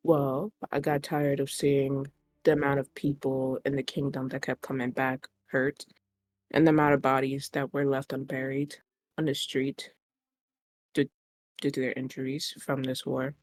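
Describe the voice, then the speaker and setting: A man answering as a player in a tabletop game, speaking in measured, thoughtful replies. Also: medium pitch, flat delivery. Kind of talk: tabletop role-play answers.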